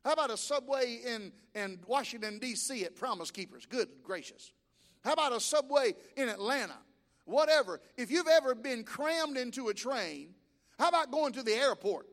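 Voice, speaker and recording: A male pastor preaching a sermon in a church, emphatic, with sudden rises and drops in pitch and volume. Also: expressive, normal speed, a bit bright, in a large hall. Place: church sanctuary.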